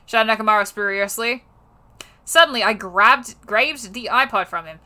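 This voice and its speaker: Young woman reading fanfic on stream, bright voice, keeps cursing and stumbling over words. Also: on the high side, normal speed. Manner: swears and stumbles over words, breaks off into exasperated asides. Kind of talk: comic reading of a fanfiction on a livestream.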